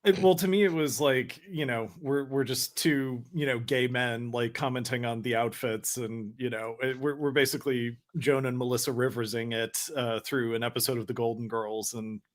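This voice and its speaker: A man's voice: mid-range voice, steady tone, normal speed, few pauses. Hesitant, stammering man in chat. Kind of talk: casual chat.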